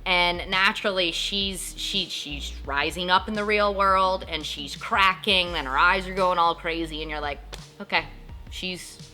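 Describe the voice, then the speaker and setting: A woman hosting a casual TV recap, chatty and emotionally invested, acting out characters' lines in quick asides. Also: on the low side, pushed and bright, faint music behind. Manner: emotionally invested, jokes about crying. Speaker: host of a TV recap channel.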